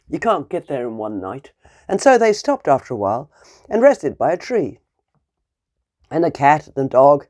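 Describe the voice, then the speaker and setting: A woman teacher tells a fairy tale to young children in an animated, playful way. Her pitch swings widely as she acts out the scenes and the animal noises. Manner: animated and playful, with sound effects.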